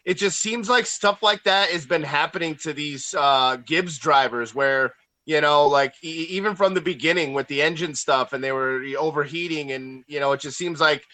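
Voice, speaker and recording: A man's voice: a little high, normal speed, bright, forceful tone. A man co-hosting a casual podcast chat, rambling with many fillers as he tells stories. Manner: rambling, filler-heavy storyteller. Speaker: podcast co-host.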